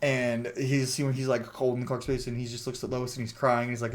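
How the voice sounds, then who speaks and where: A man's voice: mid-range voice, little pitch movement, a little fast. Guy doing a chill movie review, mid voice, says like a lot, swears a bit, does little character voices. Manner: chatty, heavy with "like" fillers, swears freely; acts out characters' lines when quoting them. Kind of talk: casual plot-recap movie review.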